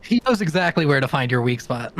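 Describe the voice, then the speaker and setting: A man's voice: fairly high pitch, very animated, quick pace, a bit bright. A man from the American South, chatting and teasing casually on a live stream, laughing often.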